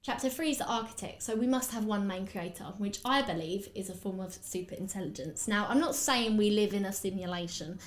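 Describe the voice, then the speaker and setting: Woman podcast host with an Essex accent, rambling casual chat, mid-pitched voice, room echo. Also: brisk, few pauses. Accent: Essex English. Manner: chatty, rambling, with frequent fillers. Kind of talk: casual podcast chat while doing makeup.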